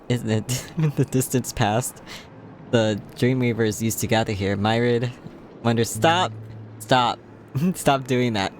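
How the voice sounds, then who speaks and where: A man hosting a casual game livestream, tired and playful, laughing a lot as he chats with viewers. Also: medium pitch. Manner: playful, giggly, chatting to viewers. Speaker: livestream host. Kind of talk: casual game-stream chat. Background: game music.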